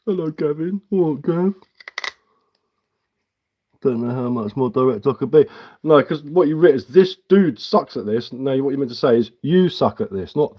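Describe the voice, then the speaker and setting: A man's voice: medium pitch, warm tone, slightly rough. A man, reading chat aloud on a live stream while carving, blunt and mocking. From England.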